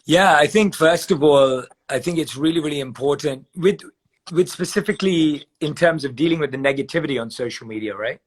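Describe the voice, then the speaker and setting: A man on a live video call giving measured advice, walking through examples step by step and repeating phrases for emphasis. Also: a little high, breathy edge. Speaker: guest speaker on meditation. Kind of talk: calm explanatory advice on a live video chat.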